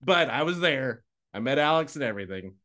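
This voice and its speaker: A man in his forties, a play-by-play announcer co-hosting a sports podcast in casual, dry, self-mocking chat, quick to laugh. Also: mid-range voice, animated, sharp tone.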